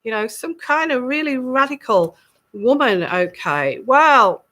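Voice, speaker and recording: A woman's voice: high-pitched, lively intonation, takes it slowly, fairly bright tone. A woman giving a live tarot reading, musing aloud, repeating words and acting out little quotes. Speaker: tarot reader.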